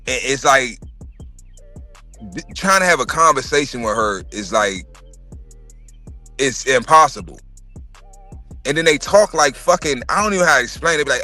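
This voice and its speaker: A man's voice: a little high, big pitch swings, moderate pace, long pauses, bright, forceful tone, faint music behind. A middle-aged man hosting a casual livestream chat, ranting animatedly with lots of swearing and restarts. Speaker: podcast host.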